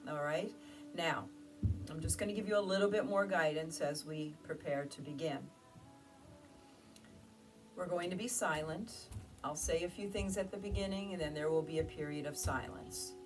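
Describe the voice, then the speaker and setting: A woman teaching meditation, guiding her listeners through breathing with gentle, slow instructions and soft pauses. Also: low voice. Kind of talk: guided meditation. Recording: distant mic with music behind. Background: soft music.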